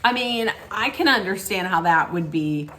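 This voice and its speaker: A woman's voice: medium pitch, lively intonation, normal speed, fairly bright tone, slight background noise. Emphatic woman ranting in a recap. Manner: emphatic, disapproving, with frequent "mm-mm" and restarts. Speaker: reality TV recap host. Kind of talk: casual opinionated recap rant.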